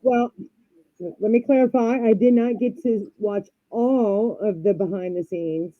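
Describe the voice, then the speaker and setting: A woman's voice: mid-range voice, a little slow, no room sound, narrow, tinny audio. Woman telling a rambling road-trip story. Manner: rambling, animated, acts out quotes. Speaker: podcast guest. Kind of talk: casual storytelling.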